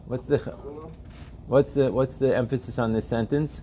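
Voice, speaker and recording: A man's voice: medium pitch, fairly even intonation, moderate pace, warm tone, slight background noise. A man teaching a religious text class, often asking his students questions and checking that they follow.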